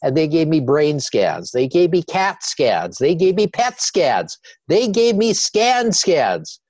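An older man, a guest on an interview show, telling his story with animated repetition. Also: fairly high pitch, slow, dry recording.

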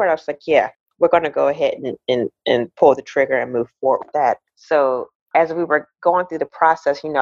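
Gravelly-voiced woman in her 40s telling her story, acts out the voices, dry dull-ish audio. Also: sits low, no echo. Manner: animated storyteller, acts out quoted voices, laughs often. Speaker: podcast guest. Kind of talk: casual interview storytelling.

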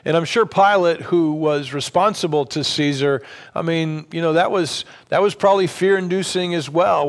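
A man's voice: on the high side, moderate pace. A man preaching a sermon in a conversational way, reading scripture and explaining it with many fillers and restarts. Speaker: pastor.

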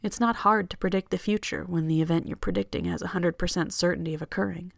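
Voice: mid-range voice, fairly even intonation, fast, gravelly, a bit bright, no echo, clean studio sound. A reader as a nervous, apologetic young woman. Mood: rueful. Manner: hesitant and apologetic.

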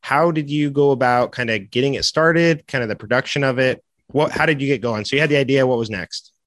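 A man hosting a casual interview, relaxed, with short agreeing replies. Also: medium pitch, a little fast, no echo. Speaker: podcast host.

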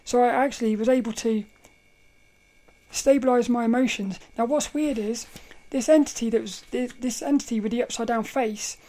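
A woman hosting a casual solo podcast, telling a story in a rambling, animated way, often laughing and restarting her sentences. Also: on the high side, moderate pace. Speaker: podcast host.

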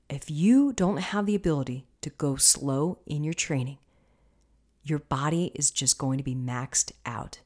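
A woman's voice: deep voice, lively intonation, normal speed, darkish tone. A woman hosting a podcast as a coach, talking casually and passionately, swearing freely and sometimes dropping into a whisper.

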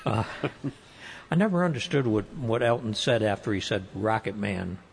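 Lively, jokey male car radio host. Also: on the low side, normal speed, vocal fry, a little hiss or hum. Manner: lively, jokey, rambling with restarts. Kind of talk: casual car talk radio chat. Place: radio studio.

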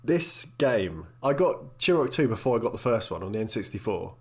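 A man co-hosting a podcast, chatting casually and reminiscing in a relaxed way. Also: lowish voice, a little fast. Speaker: podcast co-host. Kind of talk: casual chat.

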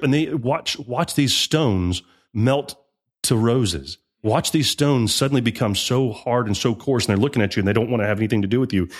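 Fast-talking husky-voiced man. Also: mid-range voice. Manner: rapid, with frequent restarts and emphatic repetition. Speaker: missionary preacher, guest. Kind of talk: conversational interview testimony.

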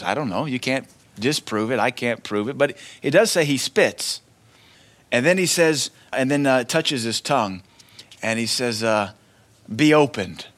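A man preaching a sermon in an easy, conversational way. He slips into short acted quotes along the way, and his voice sits at an everyday middle pitch. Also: a bit bright. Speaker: pastor.

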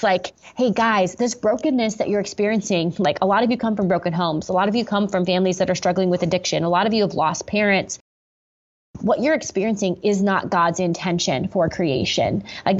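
A woman's voice: medium pitch, brisk. Woman pastor sharing a story, earnest, lots of um and restarts, kinda muffled lo-fi sound. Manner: earnest, reflective, many fillers and restarts. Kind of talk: personal storytelling in an interview.

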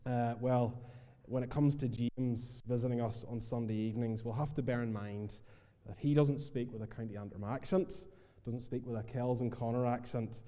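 A man with a Northern Irish accent, a minister preaching a sermon in a conversational way, often pausing with "uh". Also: mid-range voice, fairly even intonation, warm tone, in a large hall. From Northern Ireland. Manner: conversational preaching with frequent "uh" fillers. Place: church.

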